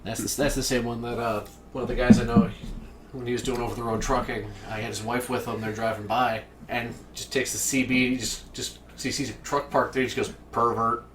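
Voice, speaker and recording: A man's voice: medium pitch, steady tone, brisk, a crowd in the background, low-quality recording. A man in a casual podcast chat, telling a short anecdote in a matter-of-fact way.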